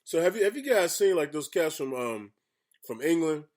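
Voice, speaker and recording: A man co-hosts a casual radio show from home. His voice is slightly high, and he talks in a relaxed way, stumbling and repeating words as he goes. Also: moderate pace. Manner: stammering, laid-back, repeats words. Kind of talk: casual chat.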